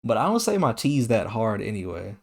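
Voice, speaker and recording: A man streaming a video game, giving casual commentary in a slangy, excitable way. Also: fairly low pitch, brisk, vocal fry.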